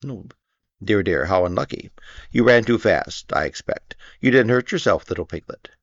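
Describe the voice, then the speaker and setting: A man voicing a gloomy old male donkey who talks slowly and mournfully, in a storybook reading. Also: fairly low pitch, animated. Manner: slow, mournful, dry. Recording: dull lo-fi recording.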